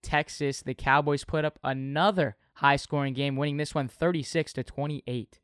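A man's voice: fairly high pitch, fairly even intonation, normal speed, a bit bright, smooth, no room sound, clean studio sound. A young man co-hosting a casual sports betting chat, steering topics and reading out scores and odds. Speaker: sports podcast co-host.

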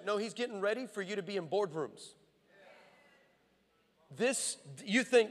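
A man's voice: high voice, animated, normal speed, long pauses. A man preaching a sermon, telling stories and building to fervent, repeated calls. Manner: builds to impassioned shouting, rhythmic repetition. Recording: long hall reverb.

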